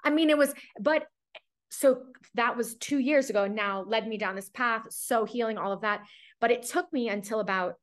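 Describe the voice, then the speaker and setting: A woman's voice: a little high, normal speed. A woman in her thirties, a guest in a casual conversation, thinking aloud in a reflective way. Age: 30s.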